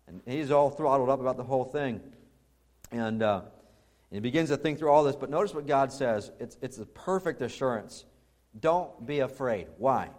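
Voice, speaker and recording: A male pastor preaching a conversational sermon that builds to loud, emphatic peaks. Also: medium pitch, normal speed.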